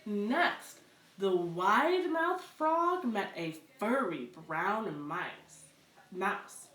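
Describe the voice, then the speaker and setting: A woman reading picture books aloud to children at story time, expressive and encouraging. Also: medium pitch, extremely slow, far from the mic. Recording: roomy echo, away from the mic.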